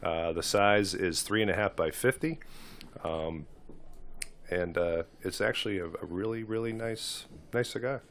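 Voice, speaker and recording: A man casually describing a cigar in a group chat, halting and full of restarts. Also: low-pitched, fairly bright tone, slight background noise. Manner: halting, with many restarts and fillers. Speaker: cigar reviewer.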